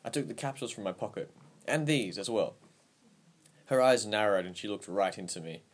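A man with a fairly low voice reads a story aloud in a steady, even manner. His narration stays calm and measured from line to line, and he keeps the telling plain and clear. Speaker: audiobook narrator. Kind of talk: scripted narration.

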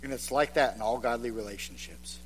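A man preaching a sermon as a pastor, dropping to hushed, near-whispered lines for emphasis and acting out the voices of reluctant listeners. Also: mid-range voice, a little fast, slight background noise. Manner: acts out the voices of reluctant churchgoers.

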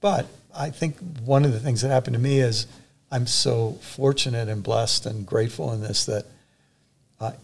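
A man's voice: medium pitch, steady tone, moderate pace, creaky. An older man, an author and theologian, speaking as an interview guest, telling anecdotes in an earnest way with many fillers and restarts. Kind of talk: reflective interview storytelling.

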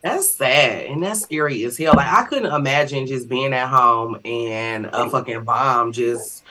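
A man's voice: medium pitch, measured pace, pushed and bright. A man on a podcast speaking bluntly and expressively, with some swearing, in casual chat.

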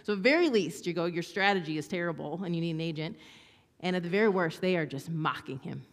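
Animated woman preaching in a reverberant hall. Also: lowish voice, fast. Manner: animated, conversational, acts out quotes with sarcasm. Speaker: pastor. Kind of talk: sermon.

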